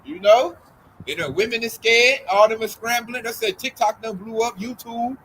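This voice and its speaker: A man leading a casual religious group talk, animated and mocking as he acts out scared people. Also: very high voice, normal speed, a little hiss or hum, rough recording.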